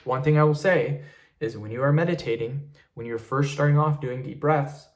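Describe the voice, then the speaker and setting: A man's voice: mid-range voice, moderate pace. Man casually giving voice tips. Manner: easygoing, repeats words like "literally" and "really". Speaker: online creator giving tips. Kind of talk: casual talking-head tutorial.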